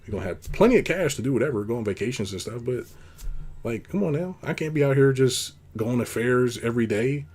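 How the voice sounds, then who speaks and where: A man hosting a casual monologue, rambling and blunt, acting out quoted lines in a high put-on voice. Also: lively intonation, brisk, a little mellow, husky. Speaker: host.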